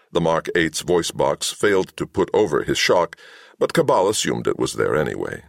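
A very deep male voice narrates an audiobook in a dry, wry manner. His delivery moves up and down with lively inflection. The recording is close and completely dry. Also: normal speed, creaky, no echo. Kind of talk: scripted narration. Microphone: close studio mic.

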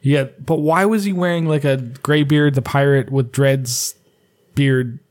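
A man's voice: medium pitch, steady tone, a little slow, a little mellow. A man hosting a podcast in casual chat, ranting and swearing freely. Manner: profane, ranting. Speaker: podcast host.

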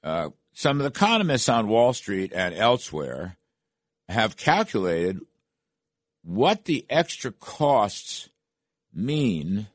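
A man's voice: fairly low pitch, sing-song, takes it slowly, dry recording, clean studio sound. Emphatic older male radio host. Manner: emphatic, repetitive, conversational. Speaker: radio talk show host. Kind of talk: political commentary monologue. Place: radio studio. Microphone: studio microphone.

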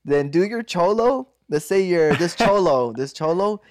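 A man's voice: high-pitched, lively intonation, a little slow, no room sound, clean studio sound. Easygoing man asking questions. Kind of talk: casual chat.

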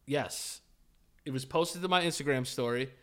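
A man hosting a podcast, casually telling a profane, animated story and laughing at his own telling. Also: medium pitch, moderate pace. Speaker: podcast host.

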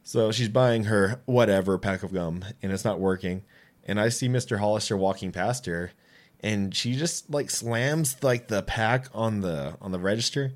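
A man in his late twenties with a fairly low voice tells stories casually on a podcast. He gets animated, slips into the voices of the people he quotes, and swears without a second thought. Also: moderate pace. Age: 20s. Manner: animated, acts out quoted dialogue, swears freely. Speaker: podcast guest. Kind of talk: casual storytelling.

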